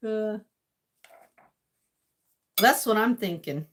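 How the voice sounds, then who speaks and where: A woman vlogging as she cooks, rambling to herself and her viewers and laughing often. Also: mid-range voice. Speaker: cooking vlogger. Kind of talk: casual kitchen chatter to viewers. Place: home kitchen. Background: clinking dishes and cutlery.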